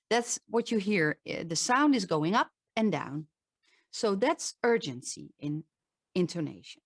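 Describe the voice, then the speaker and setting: A middle-aged woman with a Dutch accent, a voice and presentation coach giving an online talk, speaking slowly and emphatically with frequent restarts. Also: mid-range voice, big pitch swings, husky, no echo, clean studio sound.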